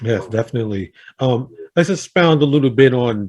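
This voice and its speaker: A man's voice: medium pitch, moderate pace. A man hosting a round table talk, earnestly telling a family story and acting out the quotes. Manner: earnest, animated storyteller who acts out quotes. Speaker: host of a round table discussion. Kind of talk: casual storytelling in a group talk.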